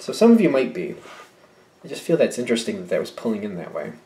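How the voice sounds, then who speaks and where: A man's voice: lowish voice, huge pitch swings, quick pace, warm tone. A man giving a casual tarot reading, musing aloud and often correcting himself with short hesitations. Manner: musing, hesitant, self-correcting, with light laughs. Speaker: tarot reader. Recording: echoey room.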